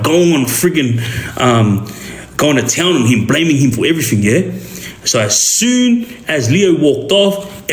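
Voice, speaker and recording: A man with an Australian accent telling a street story in a casual, animated way, often checking in with the listener. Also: on the high side. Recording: roomy echo.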